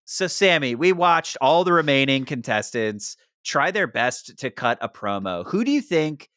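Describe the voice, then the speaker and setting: Sarcastic man with a bright voice. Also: mid-range voice, big pitch swings, moderate pace, hardly any pauses, no echo, clean studio sound. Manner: sarcastic, joking storyteller. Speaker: podcast co-host. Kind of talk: casual recap chat.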